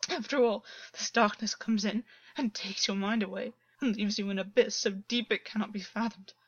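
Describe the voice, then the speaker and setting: A woman's voice: mid-range voice, fairly even intonation, normal speed, breathy edge, no echo, lightly acted. A woman voicing a tormented male water-horse fae, desperate and fragile, with frantic, broken pleading, on a dull, lo-fi recording. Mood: despairing.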